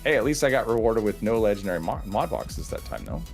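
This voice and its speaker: Male co-op gamer, very low voice, lively inflection, rambling wry asides, faint music behind. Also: fast, vocal fry. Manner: rambling, wry and self-mocking. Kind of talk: casual gaming chat.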